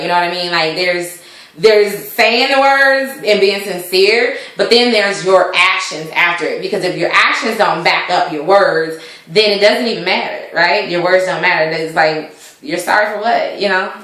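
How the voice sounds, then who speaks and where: A woman's voice: mid-range voice, fairly bright tone. A woman casually recapping a TV episode in a rambling way, full of fillers and asides. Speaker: TV show recap vlogger. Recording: very echoey room.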